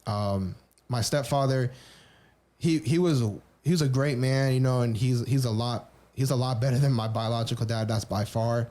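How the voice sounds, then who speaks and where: A man's voice: medium pitch, moderate pace, warm tone. A man on a podcast candidly telling his personal story, rambling with frequent restarts and casual swearing. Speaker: podcast co-host.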